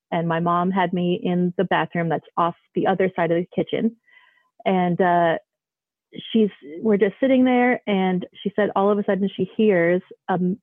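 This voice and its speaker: A woman's voice: lowish voice, no echo. A woman phones in to share a story, talking casually and rambling with plenty of fillers and restarts. Her voice comes through a narrow, tinny phone line with no room sound at all. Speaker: caller. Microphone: phone call.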